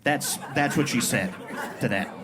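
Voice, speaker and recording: Crowd noise and other background sound surround a medium-pitched male voice that runs a little slow. The speaker, a man in his thirties from Pueblo, Colorado, pokes fun at himself in a comedy-club stand-up set while mimicking brash tough-guy voices.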